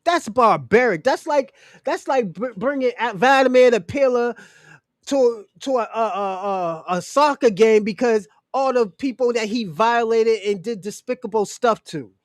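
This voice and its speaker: A man's voice: very high voice, expressive, measured pace, no echo, studio quality. A man in his forties giving casual political commentary, emphatic and indignant, often repeating his phrases. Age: 40s. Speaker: commentary host.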